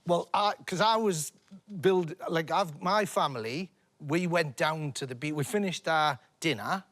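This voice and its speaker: A man's voice: a little high, unhurried. An English man telling a rambling comic story on a TV panel show, laughing as he talks. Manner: rambling, animated, laughing through his words. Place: TV studio with audience.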